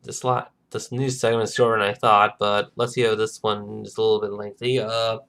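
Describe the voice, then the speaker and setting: A man hosting a casual podcast, rambling and halting, with lots of "uh" and "and" between thoughts. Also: fairly low pitch, flat delivery, vocal fry, fairly bright tone. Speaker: podcast host. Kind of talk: casual chat.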